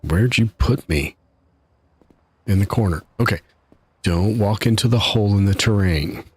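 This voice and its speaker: A man's voice: lowish voice, measured pace, breathy edge. A man casually commenting while he streams a game live, chatty and laughing at his own troubles from his home setup. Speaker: gaming streamer.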